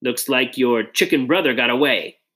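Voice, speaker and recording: A man's voice: mid-range voice, moderate pace, sharp tone, natural voice, low-quality recording. A man reading aloud and voicing a bullying Tory villain who snarls mocking threats. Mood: sneering. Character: bullying adult male Tory villain, sneering.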